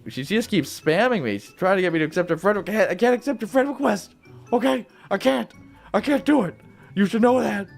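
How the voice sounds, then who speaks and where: Playful, lively young man gaming. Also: a little high. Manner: playful, silly, chatty with viewers. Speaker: gaming YouTuber. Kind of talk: casual live game commentary.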